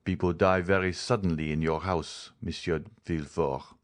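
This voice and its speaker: A man voicing a grave male doctor in a storybook, speaking in a measured, solemn way. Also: low voice, fairly even intonation, close to an everyday voice.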